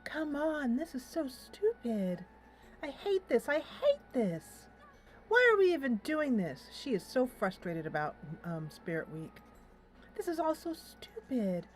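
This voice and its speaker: A woman's voice: low-pitched, lively intonation, normal speed, hardly any pauses, a little mellow, a little hiss or hum, pitched below the performer's own voice, rough recording. A woman voicing a frustrated teenage girl student who rants about school. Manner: exasperated, ranting.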